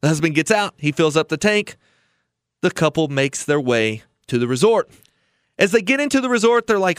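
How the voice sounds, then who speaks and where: High-voiced earnest male podcast host. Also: animated, moderate pace, fairly bright tone, clean tone, dry recording, clean studio sound. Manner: earnest, persuasive storyteller. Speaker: retirement planning podcast host. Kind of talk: storytelling podcast monologue.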